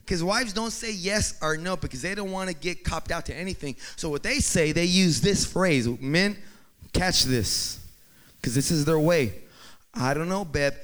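A man telling a humorous personal story to an audience, acting out the scenes and building up to shouts. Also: on the high side, moderate pace. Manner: animated, acts out scenes, rising to shouts.

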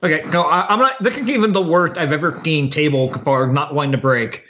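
A man's voice: on the high side, fairly quick, a bit bright, muffled recording. A man co-hosting a podcast, recapping wrestling matches in casual chat with an exasperated, profane edge. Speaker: podcast co-host.

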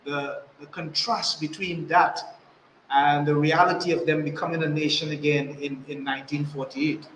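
Male host, bright sharp tone, hesitant questioner, roomy echo. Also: on the high side, level tone, normal speed, a little hiss or hum. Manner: hesitant, uses fillers while asking questions. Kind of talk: interview questions.

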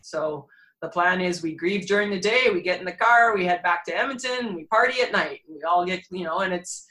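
A woman in her forties from Alberta, a podcast guest telling a personal story in a candid, animated way and laughing between heavy moments. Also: lowish voice, a little fast, rough recording. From Alberta, Canada.

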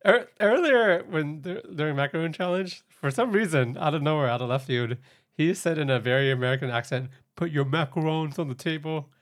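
A man co-hosting a casual recap podcast, chatty and quick to laugh. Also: on the high side. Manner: chatty, laughs easily, speaks animatedly. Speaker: podcast co-host.

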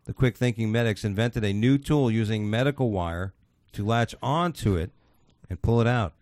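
A man's voice: lowish voice, moderate pace, a little mellow, dry recording, studio quality. Crude, laughing male podcast host. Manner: crude, loose, swears often, laughs while reading. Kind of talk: casual comedic chat, reading news stories.

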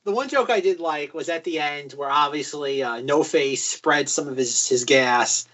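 Dry, husky-voiced man. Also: a little high, moderate pace, a bit bright. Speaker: podcast co-host. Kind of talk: casual chat.

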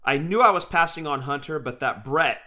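A man's voice: on the high side, brisk, pushed and bright. A man co-hosting a podcast, chatting enthusiastically and casually, often calling his friend "dude". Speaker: podcast co-host. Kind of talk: casual chat.

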